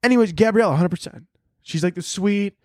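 A man's voice: high voice, a little fast, no room sound, studio quality. A young man hosting a solo podcast with a sore throat, ranting profanely and animatedly as he tells stories. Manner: profane, animated storytelling, shouts when mimicking others. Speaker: podcast host. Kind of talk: solo comedic podcast rant.

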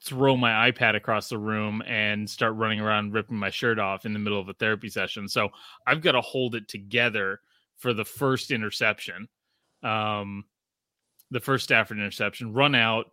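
A man's voice: on the low side, fairly even intonation, normal speed, bright, forceful tone, clean tone, no echo, clean studio sound. A man who grew up in Australia, in his thirties, hosting a casual podcast and rambling with frequent restarts. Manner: rambling, self-interrupting, laughs often. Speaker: podcast host.

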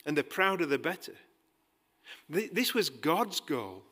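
Guy preaching slow and deliberate, bright forceful tone, sermon style, gets loud then soft. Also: a little high, big pitch swings, husky. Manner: emphatic, builds to loud pleading passages, then drops quiet; acts out quoted dialogue with dry humor.

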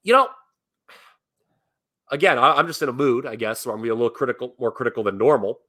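A man's voice: mid-range voice, rapid-fire, pushed and bright. A man co-hosting a casual wrestling podcast, critical and emphatic, swearing as he rants about a match finish. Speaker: podcast co-host.

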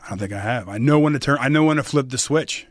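A young American man, a football lineman, is a guest on a casual podcast interview. He tells animated stories quickly and curses casually, recorded in a studio. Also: mid-range voice, no room sound. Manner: fast, animated storytelling with casual cursing.

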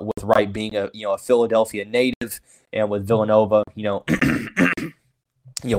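A man hosting a solo sports podcast, giving frank opinions in a loose, rambling way full of "you know" fillers. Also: lowish voice. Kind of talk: casual solo sports commentary.

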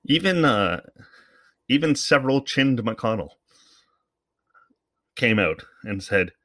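A man's voice: fairly low pitch, big pitch swings, a little slow, long pauses, fairly bright tone, dry recording, studio quality. A man hosting a podcast, giving casual, rambling commentary in a sarcastic, profane way. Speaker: podcast host.

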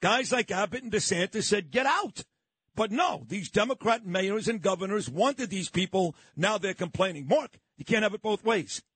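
A man's voice: sits high, lively intonation, moderate pace, hardly any pauses, a bit bright, slightly rough, no room sound. A male talk radio host in a studio, blunt and fired up as he rails through his monologue and talks with a guest. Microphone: studio microphone.

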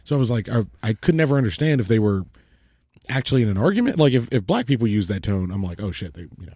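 A man from Southern California co-hosting a podcast in casual chat, animated and quick, restarting sentences often. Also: mid-range voice, no echo, studio quality. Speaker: podcast co-host.

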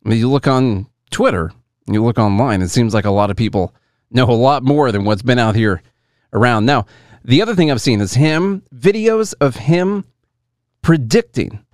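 A man's voice: medium pitch, moderate pace, a little mellow, dry recording, studio quality. A man hosting a casual commentary show, musing aloud and hedging as he talks to his viewers and answers chat. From United States.

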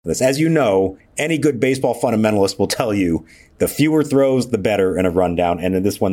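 A man co-hosting a casual sports chat as a reporter, animated and detailed as he recounts events. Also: brisk. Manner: animated, counting out details with rising pitch. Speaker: beat reporter co-host.

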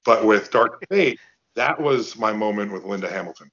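A man guest on a video call interview, telling stories in an animated way with restarts and acted-out quotes. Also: on the low side, moderate pace, lo-fi sound. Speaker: guest actor. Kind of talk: casual storytelling interview.

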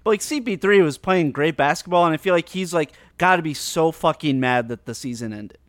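A young man co-hosting a casual podcast chat, excitable and stammering as he starts his points. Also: a little high, fairly quick, no echo, studio quality. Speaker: podcast co-host.

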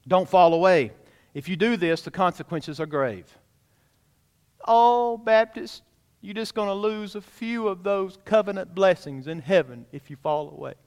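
A man's voice: high-pitched, big-room sound. A man preaching a sermon as pastor, emphatic and direct, often asking the congregation questions. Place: church sanctuary.

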